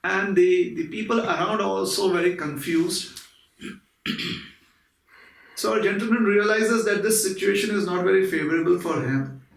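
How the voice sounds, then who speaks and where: A man tells a spiritual story in a lively, conversational manner, with casual asides to the listeners. His voice sits fairly high and has a gravelly edge. He is heard from a distance in an echoey room. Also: normal speed, long pauses, a little hiss or hum. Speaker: lecturer. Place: room at a private home.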